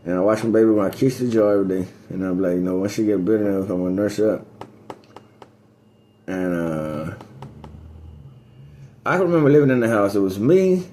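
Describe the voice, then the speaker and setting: Dark-voiced man telling a rambling profane story. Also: brisk, pauses often, a little hiss or hum. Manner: profane, loose storytelling that drifts between topics; rising pitch on excited story beats. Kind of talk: rambling casual monologue.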